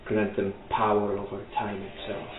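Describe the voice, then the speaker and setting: A man as game master voicing a frail ancient woman, a weary and sorrowful timekeeper, slow, solemn and mournful. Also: lowish voice, monotone, natural voice. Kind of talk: voicing a character in a tabletop game. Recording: echoey, tinny online call with music.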